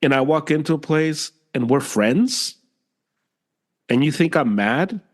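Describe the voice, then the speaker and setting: A man's voice: a little high, unhurried. A man co-hosting a podcast, venting in casual conversation and repeating himself for emphasis. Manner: animated, exasperated venting with repeated phrases. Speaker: podcast co-host. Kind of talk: casual chat.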